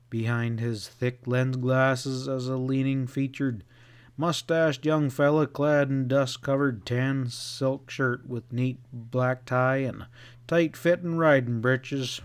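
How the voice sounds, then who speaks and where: A man narrates a western novel for an audiobook. He reads at a slow, unhurried pace. His voice sits in the middle of the range. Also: mid-range voice, clean tone.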